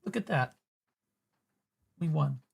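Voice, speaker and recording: A man commentating a game on a livestream in a loose, casual way. He swears freely and mocks another player, breaking into laughter and shouts as the moment unfolds. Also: a little high, expressive, takes it slowly, creaky, breathy edge. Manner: profane, mocking, laughing. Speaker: streamer.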